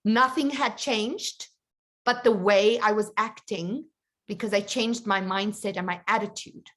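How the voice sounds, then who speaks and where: A woman coach telling a personal story to her group in a chatty, animated way. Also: medium pitch, a little slow. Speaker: confidence coach. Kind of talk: storytelling in an online coaching session.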